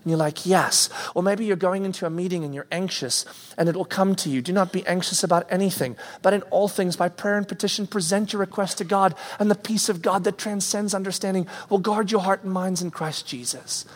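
A man's voice: high voice, fairly even intonation, a little fast. Man preaching in a reverberant hall. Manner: conversational preaching, acts out people's reactions. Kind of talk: sermon. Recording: long reverb of a large hall.

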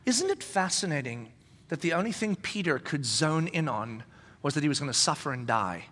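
A male pastor preaching a conversational sermon in an animated way, acting out the voices he quotes. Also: on the high side, moderate pace, big-room sound.

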